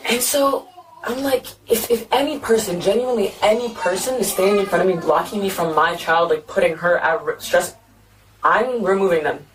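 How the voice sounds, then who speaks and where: A young woman telling a police officer what happened, talking fast and filling her story with "like" and acted-out quotes, recorded on a bodycam. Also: medium pitch. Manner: fast, repeats "like", acts out quotes. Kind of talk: retelling events to an officer. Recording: noisy bodycam audio from a distance.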